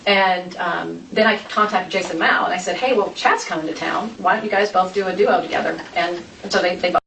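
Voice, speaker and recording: Fast-talking woman telling a rambling personal story. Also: fairly low pitch, vocal fry. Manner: rambling, full of restarts and quoted dialogue. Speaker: interview guest. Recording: echoey room, from a distance, faint noise.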